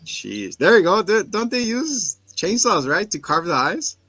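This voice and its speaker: Animated man retelling a movie. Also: high voice, no room sound. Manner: animated retelling with quick impressions of characters. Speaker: podcast co-host. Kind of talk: casual movie review chat.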